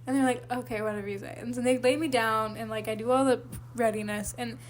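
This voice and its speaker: A young woman co-hosting a podcast, speaking in a slightly high voice. She rambles through a personal story in casual chat, leaning on fillers and laughing along the way. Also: fairly even intonation, fast, background noise. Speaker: podcast co-host.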